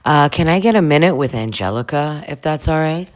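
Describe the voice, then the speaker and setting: A woman's voice: sits low, animated, brisk. A woman voicing a polite, hesitant young man.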